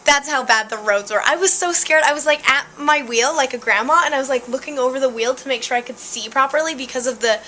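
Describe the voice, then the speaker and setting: A young vlogger from Canada, girlish and giggly, chats casually at home to her camera and loses focus easily. Her high voice is bright and pushed, moving quickly with few pauses, over a faint hiss or hum.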